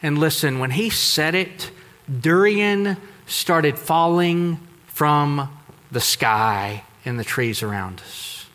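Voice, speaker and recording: Man from texas, high bright voice, sermon, storytelling, echoing church hall. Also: expressive, takes it slowly. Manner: storytelling, emphatic with sudden soft drops. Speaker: pastor. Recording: echoey hall.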